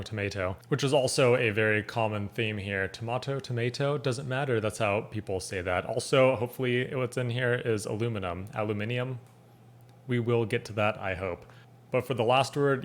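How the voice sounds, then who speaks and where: A man with a Californian accent hosting a reaction video, casually trying out words aloud. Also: medium pitch.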